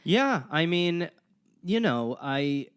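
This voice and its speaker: A man's voice: a little high, big pitch swings, slow, fairly bright tone, clean tone. A male comedian who grew up in Wisconsin, talking as a podcast guest. His speech is loose and conversational, looping through fillers and restarting sentences as he thinks aloud. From Wisconsin, USA. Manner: rambling, full of fillers and restarts. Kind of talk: casual interview chat.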